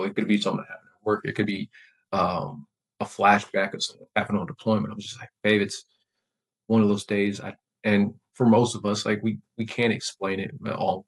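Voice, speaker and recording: Man, low voice, flat delivery, reflective, measured, candid interview guest. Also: slightly rough, low-quality recording. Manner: reflective, measured, with many fillers and restarts. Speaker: podcast guest, Marine veteran.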